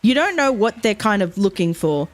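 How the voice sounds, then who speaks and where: A young Australian woman streaming, telling a story in animated casual chat, laughing often and swearing freely. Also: medium pitch, normal speed.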